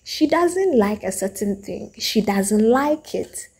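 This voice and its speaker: A woman with a Ghanaian English accent giving an opinionated, animated review of a reality show, acting out the lines she quotes. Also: medium pitch, slow pace, slightly rough.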